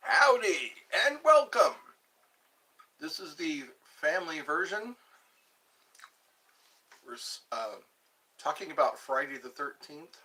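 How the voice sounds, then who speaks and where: A man with a fairly high, animated voice that sounds pushed and bright hosts a laid-back stream. He eats, rambles slowly, restarts words, and greets people while responding to their comments.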